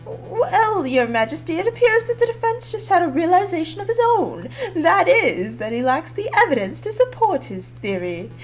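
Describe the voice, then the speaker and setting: A woman's voice: extremely high pitch, very animated, moderate pace, few pauses, soft background music. A woman voicing a haughty male bird prosecutor, reading game dialogue in a smug, formal, lecturing way.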